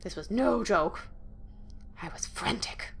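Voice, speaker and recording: A woman's voice: mid-range voice, expressive, slow pace, vocal fry. A woman playing through a horror game, reading the story aloud dramatically and breaking in with blunt, profane asides. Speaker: let's play gamer.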